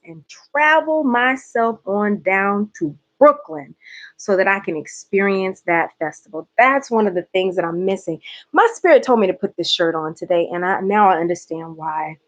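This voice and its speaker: A woman's voice: mid-range voice, dull audio. A woman from Georgia with a light Southern accent, chatting playfully with her viewers in a casual livestream. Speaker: host.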